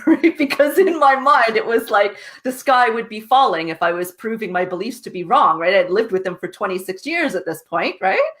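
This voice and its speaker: A woman's voice: mid-range voice, very animated, moderate pace, fairly bright tone. A woman guest on a podcast, earnestly telling her story in a casual way and often asking "right?" with a light laugh. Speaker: guest, success coach.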